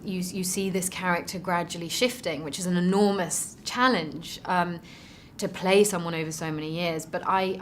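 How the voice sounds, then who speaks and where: An actress in a press interview, speaking earnestly and reflectively as she searches for her words. Her voice sits a little low for a woman. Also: a little hiss or hum.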